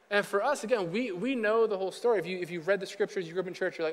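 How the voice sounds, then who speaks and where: A male pastor preaches in a relaxed, conversational way and slips into quick acted-out bits of dialogue. He talks fast in a fairly high voice. A long reverb from a big church auditorium trails behind his words. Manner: chatty, acts out dialogue in quick asides. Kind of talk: casual conversational sermon.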